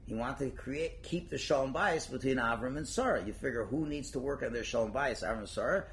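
A man's voice: medium pitch, fairly quick, a little hiss or hum. A man teaching a Torah class as a rabbi, casual and joking, acting out everyday arguments and mixing in Hebrew and Yiddish terms. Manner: animated, joking, acts out everyday dialogue. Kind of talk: informal religious lecture.

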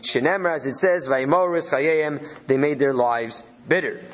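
A man's voice: on the high side, normal speed. A man leading a study session, reading out Hebrew phrases and translating them as he thinks aloud. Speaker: Torah study leader.

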